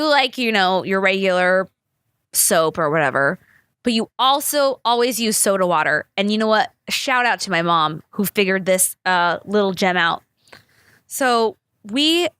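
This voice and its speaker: A woman hosting a podcast in casual chat, rambling and animated and swearing freely. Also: fairly high pitch, dry recording, studio quality. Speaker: podcast host.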